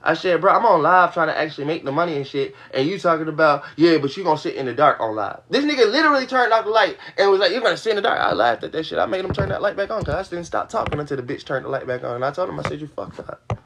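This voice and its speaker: A man's voice: on the high side, lively intonation, very fast, hardly any pauses, fairly bright tone, slight background noise. A young man venting to his livestream audience in a heated, profane rush, repeating his points. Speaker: livestream host. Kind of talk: venting to a live stream audience.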